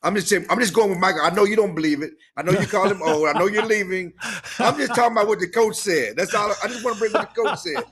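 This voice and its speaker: A man co-hosting a sports podcast in casual chat, animated and given to repeating himself. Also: sits high, fast, a crowd in the background. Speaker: podcast co-host.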